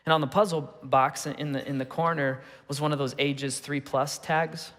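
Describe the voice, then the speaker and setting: A man in his thirties gives a sermon in a loose, conversational way, asking his listeners questions as he tells a story. His voice is on the higher side. The sound rings with a long reverb from a large church hall. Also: level tone, moderate pace, a bit bright. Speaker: pastor. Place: church auditorium.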